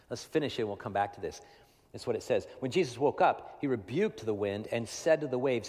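A man preaching a sermon in a conversational way, often asking "right?" and swinging between loud emphasis and hushed, near-whispered lines. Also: medium pitch, animated, fairly quick. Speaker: pastor. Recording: long hall reverb.

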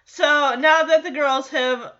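A woman's voice: high-pitched, fairly even intonation, slow pace, fairly bright tone, muffled recording. A woman casually recapping a sitcom episode, chatty, laughing often and quoting the characters.

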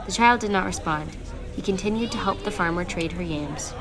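A woman telling a dark fable as a storyteller, in measured, steady scripted narration. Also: fairly low pitch. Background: music.

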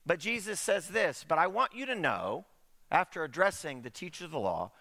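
Lively, bright-voiced man preaching. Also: a little high, moderate pace. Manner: conversational preaching with rhetorical questions. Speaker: pastor. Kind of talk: sermon.

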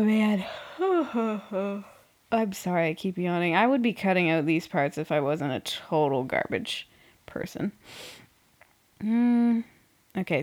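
A young woman talks through a reality show episode in loose, sarcastic podcast chat. She takes her time, drawing out her words at a slow pace, and breaks into laughs and swearing along the way. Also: on the low side. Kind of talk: casual chat.

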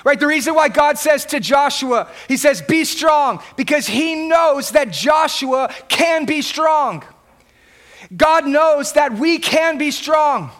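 A middle-aged pastor preaches in a very high voice, driving his points home through repetition. He builds to shouted peaks and leans hard on every phrase. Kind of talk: sermon.

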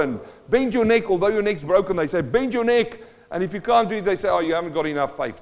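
A pastor preaching a sermon, emphatic and repetitive, asking his congregation rhetorical questions. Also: high voice. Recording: dull sound with long hall reverb.

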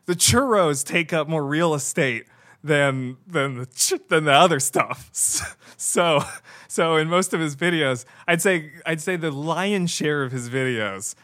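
A man on a comedy podcast, riffing deadpan with many fillers and restarts. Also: on the high side, measured pace. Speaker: podcast co-host.

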